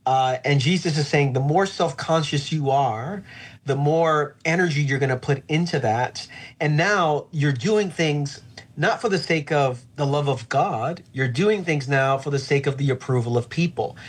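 A man who is a pastor, speaking earnestly and reflectively in an interview about faith, slowing down to stress key phrases. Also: on the high side, breathy edge.

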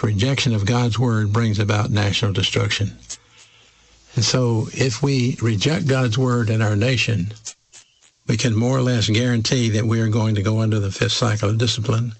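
A man preaching a sermon as a pastor from the United States, slow and emphatic with measured pauses. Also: lowish voice, vocal fry, slightly rough, low-quality recording.

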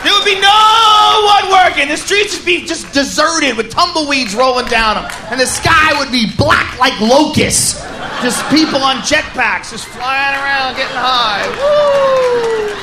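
A man doing a loud, profane stand-up comedy set, often shouting and laughing. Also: very high-pitched. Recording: live club recording with crowd noise. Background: audience noise.

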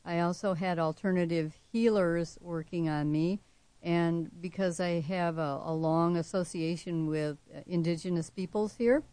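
Soft-spoken woman poet, dry close sound. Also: lowish voice, fairly even intonation, dry recording. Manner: soft-spoken, reads with slow measured emphasis. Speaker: poet guest. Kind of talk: poetry reading and interview answers.

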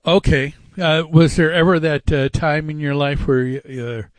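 A man's voice: a little high, fairly even intonation, normal speed, no echo. Chatty talk-radio host man. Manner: chatty, with frequent uh fillers. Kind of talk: radio talk show hosting and read ads. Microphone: studio microphone.

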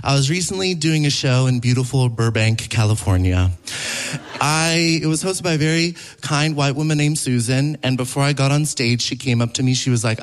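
A man's voice: medium pitch, moderate pace. A man performing a stand-up comedy set on a theater stage, telling stories animatedly and acting out other people's voices. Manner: animated storytelling, acts out voices. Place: theater stage with live audience.

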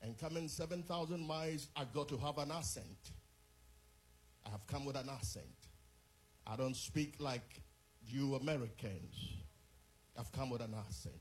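A man's voice: medium pitch, moderate pace, pauses often. A man preaching as a visiting bishop from overseas, leading a sermon and prayer with fervent, rhythmic delivery and repeated phrases.

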